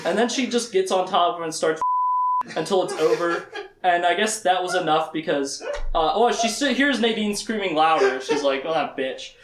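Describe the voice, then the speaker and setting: A man's voice: sits high, normal speed, echoey room, background noise. A man casually recapping a fantasy novel for a podcast, rambling, laughing and quoting the characters. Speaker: podcast host. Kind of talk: casual book discussion.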